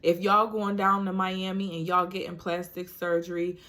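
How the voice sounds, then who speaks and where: A young woman, telling a personal story in a casual vlog, animated and laughing often. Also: fairly low pitch, normal speed. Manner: animated, acts out quoted voices, laughs often. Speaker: vlogger.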